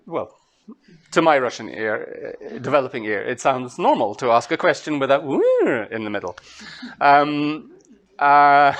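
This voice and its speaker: With a voice that's a little high, a man from Scotland leads a translation master class. His lecturing is easygoing, full of thinking aloud, fillers, and little laughs.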